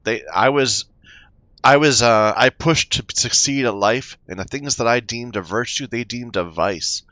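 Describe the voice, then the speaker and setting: In this dry recording, a let's play gamer with a medium-pitched, pushed and bright voice speaks a little slowly. He reads a story game's text out loud, talks over his decisions, and trips on words he doesn't know.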